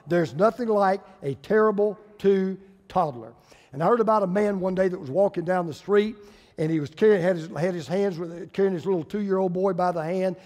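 A male pastor, preaching a sermon with folksy humor and lively storytelling. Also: sits high, in a large hall.

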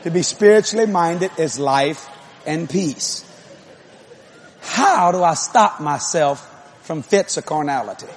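A male preacher with a high, somewhat husky voice delivers a sermon. He talks casually and jokes with the congregation, then climbs into loud, emphatic repetition. The pitch runs high and the tone has a breathy edge. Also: lively intonation, takes it slowly.

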